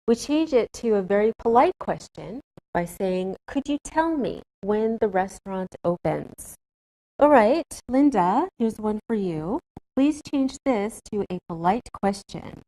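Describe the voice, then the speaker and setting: A woman teaching English in a scripted classroom lesson, speaking slowly and carefully with clear enunciation. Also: mid-range voice, expressive, darkish tone, low-quality recording.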